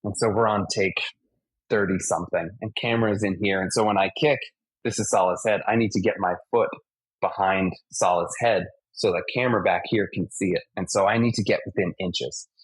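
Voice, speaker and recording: Man, 40s, stunt performer guest, husky, vivid storyteller. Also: low-pitched, moderate pace, no echo, low-quality recording. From United States (Massachusetts). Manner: animated anecdotes, acts out impacts and sound effects. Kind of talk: casual storytelling interview.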